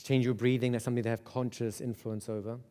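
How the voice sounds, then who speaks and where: Brief: male seminar instructor at a middling pitch, chatty, keeps checking in with the room and repeating words. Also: little pitch movement, quick pace, mellow. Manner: conversational, with repeated checks like "right?". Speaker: hypnosis instructor. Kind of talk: live seminar teaching.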